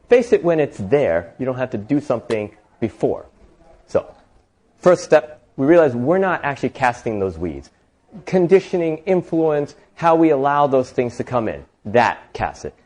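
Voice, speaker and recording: A male host gives an inspirational talk at a middling pitch. He talks in an animated, storytelling way, leaning on casual fillers and rhetorical questions. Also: normal speed.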